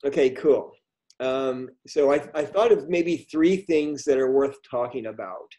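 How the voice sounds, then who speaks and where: A middle-aged man telling a story on a video call, halting, with many ums and restarts. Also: mid-range voice, dark tone. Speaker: guest speaker. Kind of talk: storytelling talk in a virtual meeting.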